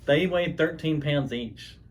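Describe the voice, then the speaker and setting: A man's voice: on the high side, a little slow, crowd noise. A man co-hosting a home podcast, telling stories in a rambling, chatty way with many restarts. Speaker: podcast co-host. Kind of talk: casual chat.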